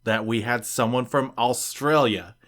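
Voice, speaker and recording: A man's voice: medium pitch, unhurried, a bit bright. A man co-hosting a casual podcast, reading listener tweets aloud and rambling with many fillers. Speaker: podcast co-host.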